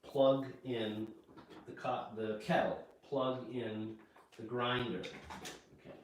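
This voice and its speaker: Slow, patient man in an echoey kitchen. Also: medium pitch, fairly even intonation, slight background noise. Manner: slow and repetitive, checks in with "okay?". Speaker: English teacher. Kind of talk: slow spoken English lesson. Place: home kitchen. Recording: echoey room, mic far off.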